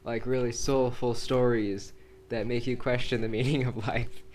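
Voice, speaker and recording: Rambling, relaxed man co-host. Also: mid-range voice, normal speed, low-quality recording. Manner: relaxed, rambling, uses "like" and "uh" a lot. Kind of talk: casual chat. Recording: faint background noise.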